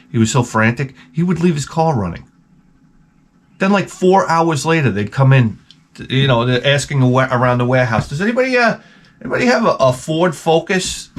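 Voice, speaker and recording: A man hosting his own video, telling work stories in a wry, rambling way with crude asides. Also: medium pitch. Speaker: video host. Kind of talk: casual rambling monologue.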